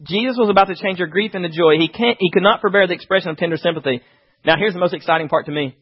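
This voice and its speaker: A man preaching a sermon, reading scripture and talking fast with animated asides. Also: high voice, breathy edge, dull audio.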